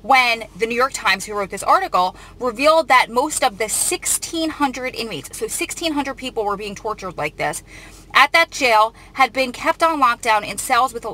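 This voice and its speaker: A woman's voice: on the high side, animated, moderate pace, pushed and bright. A woman host reading out a news article and commenting on it, earnest and emotional, often restarting her sentences.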